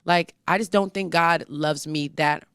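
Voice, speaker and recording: A woman's voice: deep voice, a little slow, clear, resonant tone, no room sound, clean studio sound. A young woman in a casual interview, telling her story with life and acting out what she and others said. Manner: animated storytelling, acts out her own quotes. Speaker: interview guest, singer.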